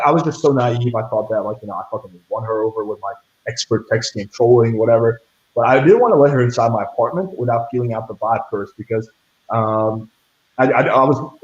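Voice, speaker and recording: A young man with a medium-pitched voice tells a story in a casual interview, blunt and profane, leaning heavily on fillers like "like" and "right." The audio is dull and the room echoey.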